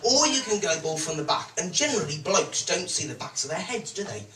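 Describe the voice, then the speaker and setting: A man's voice: sits high, sing-song, brisk. A man with a Birmingham accent doing live stand-up comedy, cheekily teasing people in the front row. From Birmingham, England. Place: comedy club stage. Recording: roomy live venue, mic heard from a distance, loud crowd noise. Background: audience laughter.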